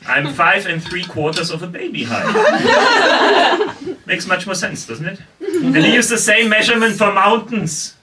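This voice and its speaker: A man's voice: high-pitched, big pitch swings, a little slow, distant mic, noisy background. Sardonic German-accented man on stage. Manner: sardonic, mock-incredulous asides. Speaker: stand-up comedian. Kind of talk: stand-up comedy set. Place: basement comedy club stage.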